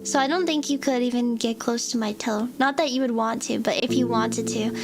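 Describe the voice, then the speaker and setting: Young streamer girl, high voice, rambling with lots of "like", loud music behind. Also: moderate pace. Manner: rambling, filler-heavy, acts out quotes. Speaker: VTuber streamer. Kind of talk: casual storytelling chat.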